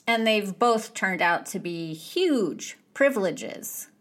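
A woman's voice: medium pitch, animated, slow. A woman hosting a podcast, talking in an effusive, enthusiastic way as she opens the show and interviews a guest. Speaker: podcast host.

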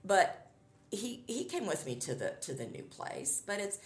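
A woman's voice: medium pitch, big pitch swings, a little slow, roomy sound. A middle-aged woman talking casually as an interview guest, upbeat and chatty, often laughing as she tells stories.

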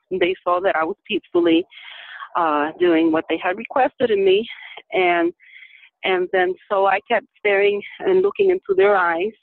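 A caller speaks over a tinny phone line, the voice gravelly and dry. The delivery is calm and gentle, with a spiritual lean and plenty of "um" and "uh" fillers. It sounds like an unhurried first-person story told on a call-in show. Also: medium pitch, no room sound. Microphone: telephone.

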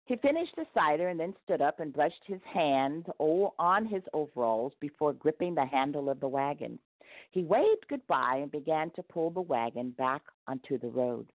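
A woman narrating a devotional story aloud in an expressive read-aloud manner. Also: sits low, normal speed, dry recording. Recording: tinny phone-like dry sound.

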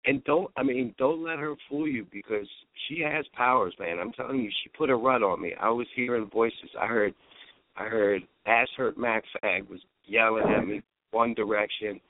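Stammering laid-back host on a phone line. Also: male voice, mid-range voice, moderate pace, no echo. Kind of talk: call-in radio talk. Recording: dry tinny phone line.

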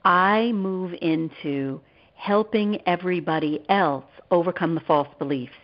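Lively storytelling woman, low voice. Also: measured pace. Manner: animated storytelling, acting out quoted voices. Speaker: guest author and therapist. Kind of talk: storytelling interview. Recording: dull lo-fi audio.

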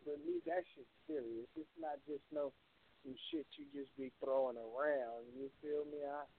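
A man's voice: on the high side, huge pitch swings, moderate pace, creaky, slight background noise. A man with a Californian accent calling in to chat, laid-back and slangy, laughing often. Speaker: caller. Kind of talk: casual phone call chat. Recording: tinny phone line.

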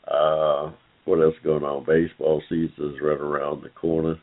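Deep-voiced man on a tinny phone line. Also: flat delivery, moderate pace. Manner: rambling, frequent "uh" fillers, addresses listeners as "y'all". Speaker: online forum host. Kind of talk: casual talk-show commentary.

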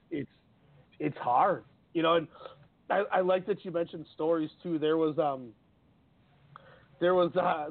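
Man, sports radio host, rambling emotional storyteller, higher voice, phone-like sound. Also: no echo. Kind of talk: casual sports talk. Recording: dry, tinny phone-like line.

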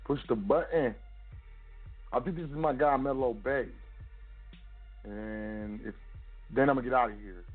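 A man hosting a call-in show, chatting casually and thanking callers in a relaxed way. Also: mid-range voice, unhurried, pauses often. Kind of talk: casual call-in radio chat. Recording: phone-like line with faint music.

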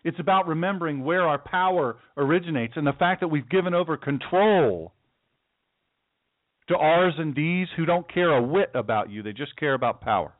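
Man, political talk host, fired-up monologue, stammering restarts, somewhat high voice, tinny phone-like audio. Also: moderate pace, no echo. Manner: emphatic, repetitive, stammering restarts. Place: home studio. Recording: dry, tinny phone-like sound.

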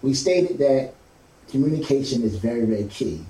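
A man hosting a casual talk show, speaking haltingly with many fillers and restarts. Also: mid-range voice, animated, dark tone. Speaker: host. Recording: roomy, distant mic, faint background noise.

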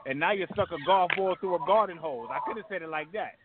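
A man's voice: sits high, fast, few pauses, slight background noise. A man co-hosting a casual talk show, blunt, crude and teasing. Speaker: co-host. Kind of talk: casual chat. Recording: tinny phone-like sound.

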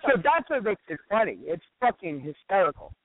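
A man's voice: high-pitched, very animated, a little fast, dry recording. A man filling in as co-host on a comedy talk show, joking brashly and swearing in casual chat. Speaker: fill-in co-host. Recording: dry phone-like audio.

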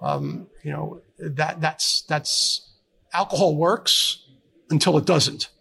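A man's voice: on the high side, expressive, gravelly, pushed and bright. A middle-aged man, a fire service counselor, talking earnestly as a guest in a live interview, often restarting his sentences. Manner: earnest, halting with many restarts. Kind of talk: candid conversational interview. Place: live podcast at a trade conference.

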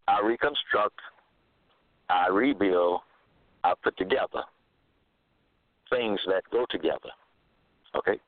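Slow, low-voiced preaching man, phone-like sound. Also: dry recording. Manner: repetitive, emphatic, halting with fillers. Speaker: self-styled preacher. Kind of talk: slow religious monologue. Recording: tinny phone-like dry recording.

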